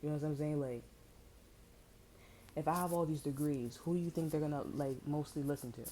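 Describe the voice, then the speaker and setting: Low, dark-voiced woman rambling casually. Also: steady tone, brisk, a little hiss or hum, low-quality recording. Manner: slangy, rambling, frequent fillers; amused, breaks into laughter. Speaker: tarot reader. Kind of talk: casual chat.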